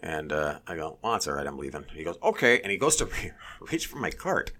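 A man telling a story in casual chat, animated and swearing, mimicking others in a high voice. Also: fast.

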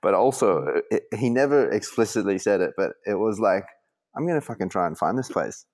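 A man's voice: fairly low pitch, sing-song, fairly quick, darkish tone. A young man with an Australian accent, a podcast guest telling a rambling family story full of "like" and restarts. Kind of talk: casual storytelling.

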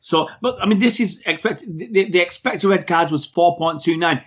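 A man's voice: high-pitched, normal speed, a bit bright. A man, a podcast co-host, giving blunt and outspoken opinions in a casual football chat.

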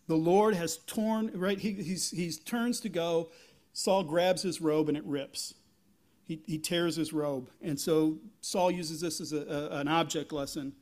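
A man preaching a sermon as pastor, retelling a Bible story in an animated way and often restarting his sentences. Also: a little high. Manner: animated storytelling, acting out biblical figures, frequent restarts.

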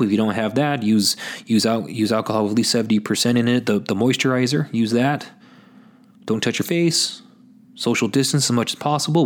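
A man speaks earnestly on a faith talk show and calls his listeners folks as he urges them on. His pitch sits in a middle range for a man. He talks off the cuff and often circles back over his own words. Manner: unscripted, with frequent repeats and restarts. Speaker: host of a Catholic talk show. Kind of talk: faith talk giving pastoral advice.

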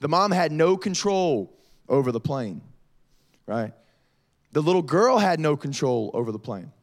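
Lively youth pastor, man. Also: fairly high pitch, a little slow. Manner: lively storytelling, addresses audience as y'all. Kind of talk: youth sermon.

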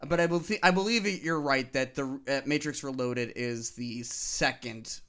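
A man's voice: medium pitch, normal speed, fairly bright tone, clear, resonant tone. A man chatting casually on a podcast, making wry asides and chuckling now and then. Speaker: podcast co-host.

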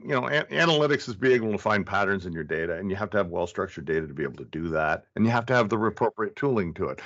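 A man's voice: lowish voice, fairly bright tone, lo-fi sound. A man who is a guest on an interview podcast, explaining ideas casually and often restarting his sentences. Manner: explanatory, circles back with restarts.

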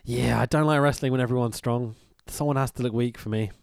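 A man co-hosts a laid-back podcast, sarcastically chatting about old wrestling, laughing at the show and swearing now and then. His medium-pitched voice is steady, gravelly yet smooth, a little fast, with clean studio quality and no echo.

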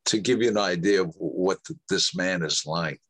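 A man's voice: low-pitched, moderate pace, a bit bright, no room sound. Een oudere man met een heel lage, hese stem vertelt anekdotes als gast in een interview. Hij valt zichzelf vaak in de rede en citeert anderen. Het geluid is droog en dichtbij. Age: older. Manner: rambling, with restarts and quoted dialogue. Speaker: actor guest. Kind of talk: anecdotal interview storytelling.

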